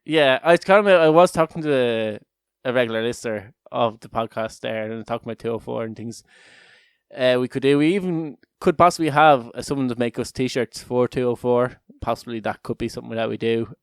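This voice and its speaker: A man's voice: medium pitch, fairly quick, smooth, no echo. A man co-hosting a podcast in casual, rambling chat, joking and laughing between lines. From Ireland. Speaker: podcast co-host.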